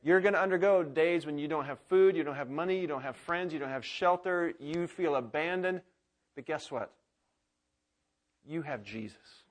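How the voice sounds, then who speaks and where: Animated male pastor preaching. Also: a little high, moderate pace. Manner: animated, swings from loud exclamations to quiet prayer. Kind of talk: sermon.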